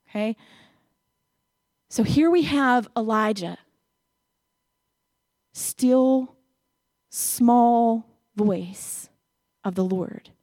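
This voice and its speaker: A woman's voice: medium pitch, dark tone, dry recording, clean studio sound. A woman preacher delivering a sermon, talking conversationally and asking her congregation direct questions.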